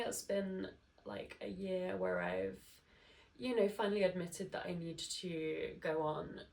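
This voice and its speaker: A woman in her thirties talks slowly and loosely, her voice nasal from a blocked nose and catching in a gravelly creak. She rambles through casual podcast chat, full of ums and likes, and sits a little back from the microphone. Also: medium pitch, far from the mic. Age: 30s. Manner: chatty, rambling, lots of fillers. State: nasal from hay fever. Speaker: podcast host.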